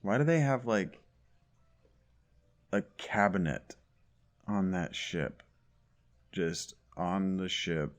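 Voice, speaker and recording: A man's voice: low-pitched, animated, slow pace, pauses often. A man giving sarcastic, grumbling commentary while playing a video game. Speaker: gaming YouTuber. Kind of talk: casual let's play commentary.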